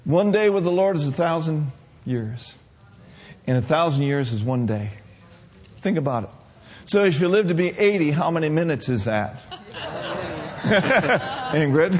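A man preaching a sermon, leading the congregation in call-and-response and repeating his key phrases. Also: fairly high pitch.

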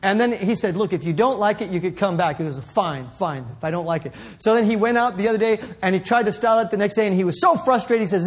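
A male preacher telling a story in a sermon, rambling and correcting himself, building up to shouts. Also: high voice.

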